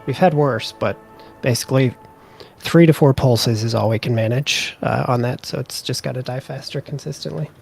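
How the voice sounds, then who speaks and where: Gravelly man calling raid tactics. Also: mid-range voice, moderate pace, a little mellow, soft background music. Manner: calls out tactics and countdowns. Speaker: raid leader. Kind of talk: casual voice chat during a game raid.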